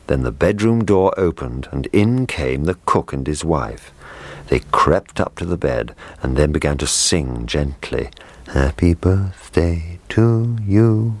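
A man reading a children's fairy tale aloud in a gentle, measured way. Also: very deep voice, animated, no room sound. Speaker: storyteller. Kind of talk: scripted narration.

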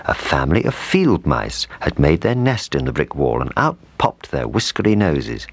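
Very deep-voiced male storyteller. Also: normal speed, vocal fry, husky, no echo. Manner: expressive, lively intonation. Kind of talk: storybook reading.

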